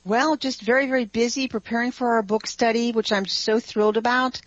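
A woman guest on a radio talk show, eager and animated, talking as a writer and researcher. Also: a little high, a little fast, dry recording, lo-fi sound. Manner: eager, animated, laughs easily. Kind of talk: radio interview chat.

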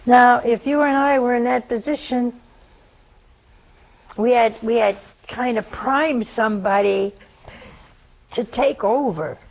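An older woman with a Southern American accent delivers a sermon at an unhurried pace. Her voice sits fairly high, and she leans on rhetorical questions and storytelling, letting her pitch rise sharply for emphasis. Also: creaky, poor audio. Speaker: preacher.

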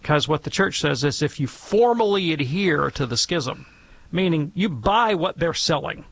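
Gravelly chatty man explaining. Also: a little high, fairly bright tone. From Alabama, US. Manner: chatty, digressive, playful explainer. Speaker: guest theologian answering questions. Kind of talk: conversational radio Q&A.

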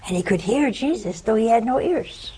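In poor audio, an older woman teaching religion delivers an informal spiritual talk, narrating a story and bringing its people to life with animated quoted speech. Her voice runs on the high side with a breathy edge, at a moderate pace.

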